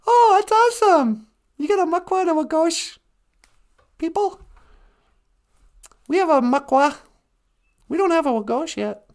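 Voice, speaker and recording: A woman's voice: high-pitched, expressive, slow, pauses often, darkish tone. A woman from northern Minnesota, hosting a casual live stream, chatty and teasing with frequent laughter.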